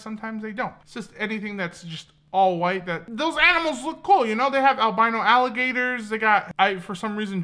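A woman YouTuber joking through reaction commentary on photos, animated and laughing often. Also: mid-range voice.

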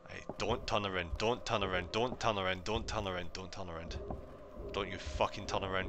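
A man's voice: deep voice, brisk, noisy background. A man streaming a horror game live, swearing often, counting aloud and talking to himself as he works out the puzzle. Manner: swearing, excitable, talks to himself. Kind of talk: live gameplay commentary.

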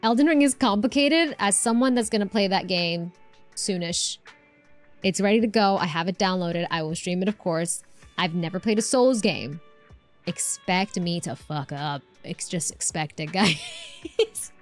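A woman's voice: on the low side, measured pace, soft background music. A woman live-streaming a game, chatting casually and answering her chat with lots of fillers and restarts.

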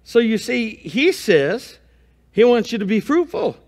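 A man's voice: very high-pitched, sing-song, a little slow, a little mellow, big-room sound. A male pastor giving a folksy, conversational sermon, mixing home stories with scripture reading. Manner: reads scripture aloud between comments. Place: church sanctuary.

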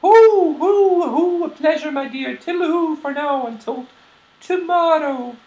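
Brief: sweet elderly owl shopkeeper granny, voiced by a man, high and hooting. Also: slow, darkish tone, echoey room, dull audio. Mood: cheery. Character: kindly old owl grandmother shopkeeper.

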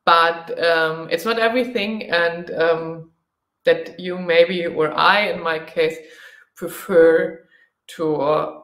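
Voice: medium pitch, steady tone, takes it slowly, fairly bright tone. German-accented vlogger in a roomy space. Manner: chatty, thinking aloud, laughs readily. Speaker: travel vlogger and motorcyclist. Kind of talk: live Q&A chat.

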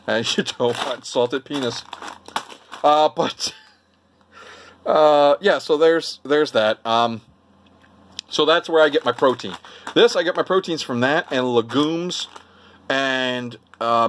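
A man's voice: medium pitch, fairly bright tone. Rambling older man with Brooklyn accent. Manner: rambling, chatty, lots of fillers and self-interruptions. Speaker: vlogger. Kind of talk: casual cooking vlog.

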